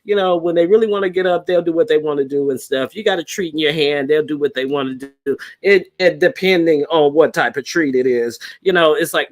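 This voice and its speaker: Chatty man with a higher voice. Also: moderate pace. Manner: rambling, chatty, many fillers and restarts. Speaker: live-stream host chatting with viewers. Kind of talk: casual chat.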